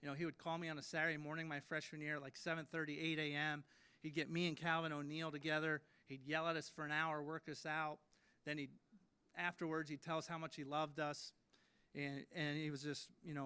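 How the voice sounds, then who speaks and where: A man's voice: a little high, bright, forceful tone, clear, resonant tone. A man in his late thirties giving an induction speech at a ceremony, telling stories in a self-deprecating way with many fillers and restarts. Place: ceremony hall.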